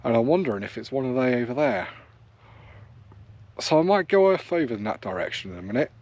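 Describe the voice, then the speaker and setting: A man's voice: medium pitch, lively intonation, brisk, darkish tone, dull audio. A man, chatting easily to the camera while walking on open moorland. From South West England. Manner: chatty, rambling, easygoing, talks to camera while hiking. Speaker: wild camping vlogger. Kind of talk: casual walking vlog commentary. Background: faint outdoor ambience.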